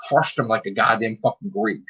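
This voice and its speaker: A man co-hosting a casual chat, excitedly retelling scenes and swearing a lot. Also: fairly low pitch, brisk, husky. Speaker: podcast co-host. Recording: dull lo-fi recording.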